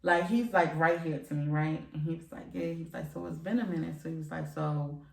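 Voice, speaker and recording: A woman's voice: low-pitched, steady tone, a little fast, vocal fry, echoey room, recorded from a distance. A young woman in her twenties telling a frank personal story to her viewers, emphatic and profane. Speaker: vlogger. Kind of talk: candid storytelling. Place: room at home, seated.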